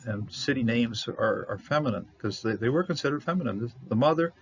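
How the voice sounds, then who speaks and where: A man teaching a verse-by-verse Bible Hebrew lesson, halting with fillers and restarts, repeating words for stress. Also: medium pitch, lively intonation. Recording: dull lo-fi audio with faint noise.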